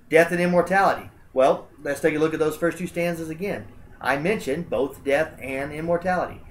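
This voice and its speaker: Relaxed man giving a literature lecture. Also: mid-range voice. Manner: relaxed, conversational, frequent "uh" fillers. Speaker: college English instructor. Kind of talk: recorded lecture.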